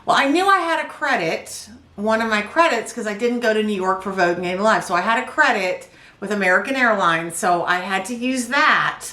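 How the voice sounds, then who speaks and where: A woman knitting vlogger telling a rambling, animated story in casual chat on a couch. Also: mid-range voice, moderate pace, roomy sound. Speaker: knitting vlogger, yarn dyer. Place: indoors, on a couch.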